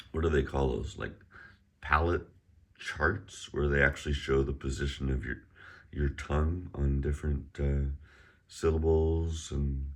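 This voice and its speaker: Rumbling low and darkish in tone, this middle-aged man's voice carries a relaxed online Chinese lesson given from his home. He's talkative and given to rambling digressions, and he exaggerates the tones by singing them during pronunciation practice.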